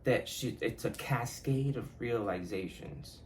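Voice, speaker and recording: A man's voice: medium pitch, unhurried, slight background noise, rough recording. A young man hosting his own podcast, talking alone in a casual, reflective way, swearing freely and often laughing. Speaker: podcast host. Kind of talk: casual solo monologue.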